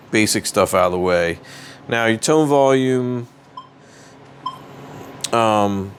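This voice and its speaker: A man's voice: on the low side, a bit bright, slight background noise. A man hosting a hobby channel, walking through device settings step by step in a casual, rambling way and correcting himself as he goes. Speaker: metal detecting channel host. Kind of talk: casual how-to walkthrough.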